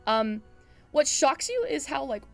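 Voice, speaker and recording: A woman's voice: sits high, big pitch swings, a little slow, gravelly, faint music behind. A woman running a tabletop game, describing scenes to her players in a loose, casual way with many "um"s and "like"s. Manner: casual descriptive narration full of "um" and "like". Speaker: game master.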